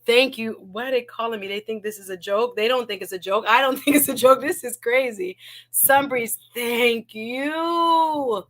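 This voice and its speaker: A woman hosts a casual livestream, speaking emotionally, laughing often, and repeating her words. Her voice is a little high and fairly bright, at a moderate pace.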